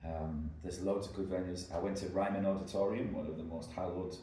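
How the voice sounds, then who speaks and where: A podcast co-host with a low, mellow voice tells rambling travel anecdotes fairly quickly, his intonation fairly even. His casual chat is packed with "like" and "um," and he is recorded from a distance in an echoey room.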